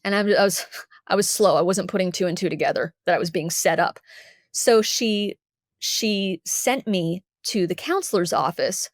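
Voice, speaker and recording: A woman from Texas, a podcast guest, telling a personal story candidly and lively, acting out what people said. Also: medium pitch, moderate pace, no room sound, clean studio sound. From Dallas, Texas. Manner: candid, animated, acts out the quotes.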